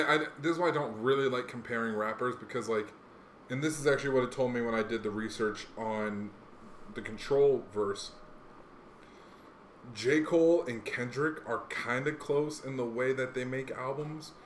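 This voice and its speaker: A man's voice: medium pitch, slight background noise. A man chatting casually about rap music, rambling with many fillers and restarts. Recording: echoey room.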